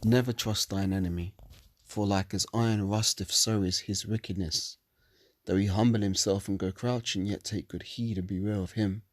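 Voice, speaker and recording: A man with a lowish voice who reads old scripture solemnly, then turns to cursing, angry commentary. His voice is dry and close, with no room sound. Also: fairly even intonation, normal speed, no room sound. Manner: solemn reading mixed with profane, angry asides. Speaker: religious commentator.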